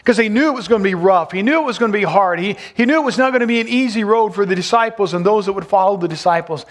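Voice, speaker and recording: A man's voice: sits high, fast talker. A man preaching a sermon as pastor, retelling a gospel story and asking his listeners questions. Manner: storytelling, asks the congregation questions.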